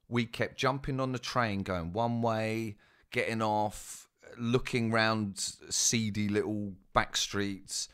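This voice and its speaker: Deep-voiced man telling a story. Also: a bit bright. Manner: chatty, self-mocking, asides to listeners. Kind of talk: casual spoken anecdote.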